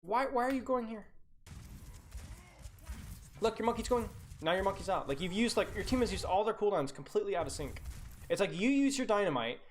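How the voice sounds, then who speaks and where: Young male game coach, live-stream review, blunt teasing critique, very animated delivery. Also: high voice, a little hiss or hum.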